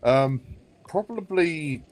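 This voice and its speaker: Playful young man, animated voice. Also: fairly high pitch, takes it slowly. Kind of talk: casual chat.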